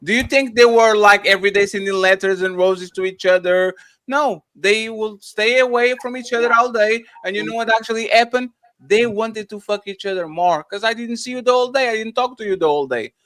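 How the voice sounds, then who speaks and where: High, bright-voiced provocative male host. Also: fairly quick, no room sound. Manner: provocative, teasing questions, crude humor. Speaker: podcast host. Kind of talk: heated casual panel debate.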